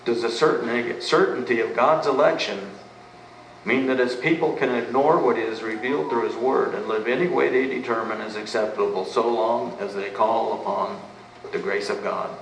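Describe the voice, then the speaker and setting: With a mid-range voice touched by vocal fry, a man preaches as a pastor at normal speed, emphatic and given to answering his own questions. The room echoes, the mic is distant, and faint background noise runs underneath.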